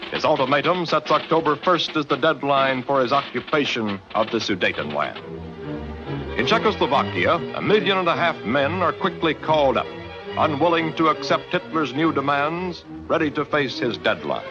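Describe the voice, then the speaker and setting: A man narrating a historical documentary in an authoritative, steady, scripted style. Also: a little high, moderate pace, music in the background. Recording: dull lo-fi broadcast sound. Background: dramatic score.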